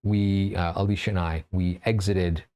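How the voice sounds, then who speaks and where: A man who reads a story aloud expressively, then hosts a relaxed, chatty writing class. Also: low-pitched, moderate pace, smooth. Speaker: writer and class host.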